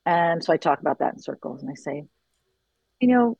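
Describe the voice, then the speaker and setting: A middle-aged woman who leads sharing circles, talking earnestly and reflectively in an interview, with lively bursts when she quotes others. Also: deep voice, fairly quick, creaky, long pauses, husky, no room sound, poor audio. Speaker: circle facilitator. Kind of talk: conversational interview.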